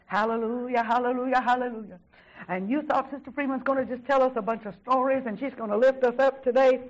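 An older woman preaches with fervor, her voice sitting high. She swings from drawn-out shouts down to hushed asides and keeps repeating exclamations of praise. The recording sounds dull and lo-fi. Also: a little hiss or hum. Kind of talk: sermon.

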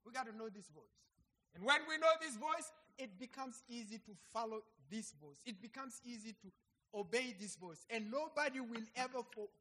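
A man in his fifties preaching a sermon, emphatic and dramatic, swinging between loud exclamations and soft asides. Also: very high voice, animated, moderate pace. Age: 50s. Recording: long hall reverb.

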